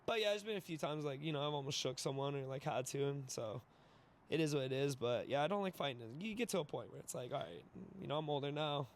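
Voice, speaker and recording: A man telling a fight story in casual, profane, animated style, acting out the voices of the people in it. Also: fairly high pitch, quick pace, a little hiss or hum. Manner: animated, profane, acts out voices in his stories. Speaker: podcast guest, mixed martial artist.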